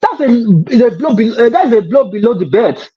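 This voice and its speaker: Fast, husky man arguing hotly. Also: extremely high pitch, big pitch swings. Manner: argumentative, interrupts, hesitant fillers. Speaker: show host. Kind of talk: heated political debate. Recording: lo-fi dull audio.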